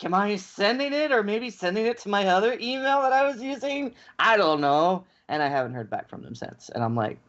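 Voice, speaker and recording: A man's voice: sits high, very animated, brisk, hardly any pauses, a bit bright. A man co-hosting a podcast, ranting in a casual chat and acting out both sides of the story. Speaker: podcast co-host. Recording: dull lo-fi podcast audio.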